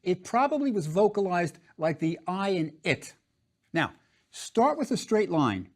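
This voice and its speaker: A man's voice: high voice, sing-song, a little slow. A man teaching a drawing lesson, patient and step by step, repeating each instruction.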